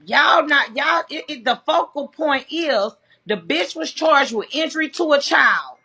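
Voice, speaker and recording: Woman livestreamer, high-pitched, bright sharp tone, slow drawn-out delivery, profane and heated. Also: lively intonation. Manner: loud, profane and heated, addressing viewers. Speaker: livestream host. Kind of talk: casual livestream commentary.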